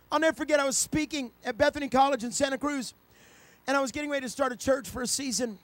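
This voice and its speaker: A man preaching an impassioned sermon, swinging from quiet storytelling to shouted, excited passages. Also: very high voice, quick pace, no room sound.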